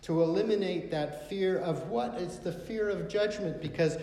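A man's voice: high voice, normal speed, dark tone. A man preaching a sermon, quoting scripture with emphasis and asking rhetorical questions. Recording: echoey hall with long reverb.

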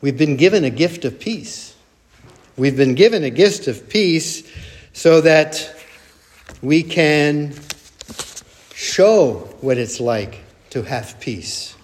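A man's voice: fairly high pitch, animated, takes it slowly, long pauses. Older male preacher, earnest and repetitive. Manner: earnest, repetitive, with storytelling asides. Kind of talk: sermon.

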